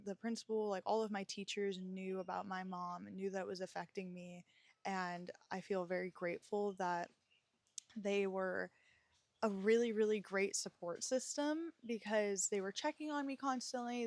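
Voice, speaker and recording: A woman's voice: medium pitch, no echo. A young woman in her twenties talks openly and emotionally, working her way through a personal story with plenty of fillers, restarts and self-corrections. Her voice sits in an ordinary middle register, recorded close and dry with no room sound. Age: 20s. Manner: candid, emotional, rambling with many fillers and restarts. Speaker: podcast host.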